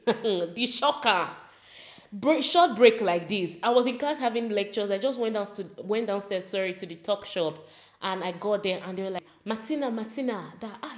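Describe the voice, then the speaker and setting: A young woman with a Nigerian accent tells a story with lively, casual energy and drops into pidgin now and then. Her voice sits in a middle pitch. The room around her is noticeably echoey. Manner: animated, mixes in pidgin, laughs while telling. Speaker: vlogger.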